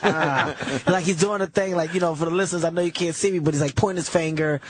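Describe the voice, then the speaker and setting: A high-pitched man tells a fast, excited story in a radio studio and jumps between voices as he acts out what people said. Loud, constant laughter from the people around him fills the room behind his voice. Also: crowd noise. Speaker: radio show guest. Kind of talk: animated comic storytelling.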